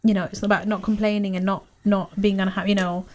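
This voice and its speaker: Fast-talking rambling woman co-host. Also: medium pitch, flat delivery, darkish tone, a little hiss or hum. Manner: rapid, rambling, full of restarts and laughs. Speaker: radio co-host and mother. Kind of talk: casual radio chat.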